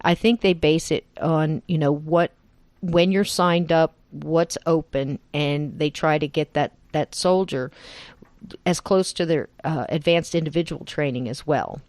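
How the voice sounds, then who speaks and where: A woman podcast host from New Jersey, with a Jersey accent tinged with Southern, chatting warmly and laughing often in a remote interview. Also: sits low, fairly even intonation, unhurried, no echo. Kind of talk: casual interview chat. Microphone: remote call.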